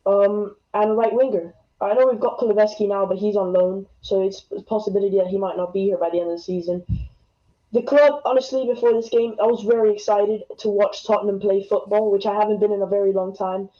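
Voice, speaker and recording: A man's voice: high-pitched, little pitch movement, fairly quick, mellow. A fourteen-year-old American boy calling in with a slight English twang, earnest and hedging with ums. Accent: American with some English twang. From United States. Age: teens. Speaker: caller. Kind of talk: football opinion call-in. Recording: dull lo-fi call audio.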